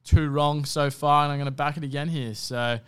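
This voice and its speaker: A man's voice: on the high side, fairly even intonation, brisk, a bit bright, smooth, no room sound, clean studio sound. A man with an Australian accent co-hosting a podcast, rambling through his horse racing picks with lots of ums and self-corrections. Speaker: podcast co-host tipping races. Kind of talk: casual racing tips chat.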